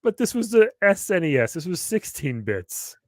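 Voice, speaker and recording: A man's voice: high voice, sing-song, normal speed, no room sound, clean studio sound. A man co-hosting a podcast, laid-back and laughing often in casual comedic chat. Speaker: podcast co-host.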